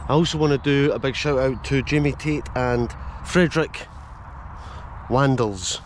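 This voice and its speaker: A Scottish man of middling pitch talks into a handheld camera as he strolls through a village, chatty and quick with jokey asides. Faint traffic and outdoor ambience sit behind him. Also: steady tone. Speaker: vlogger and host. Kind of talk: casual walking vlog. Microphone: handheld camera mic.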